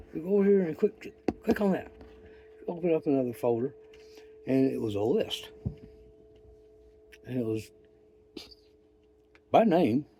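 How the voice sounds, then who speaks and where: An older man telling a rambling story in a profane, folksy, wry way, with pauses and restarts. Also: mid-range voice, warm tone, slight background noise. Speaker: vlogger. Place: outdoors.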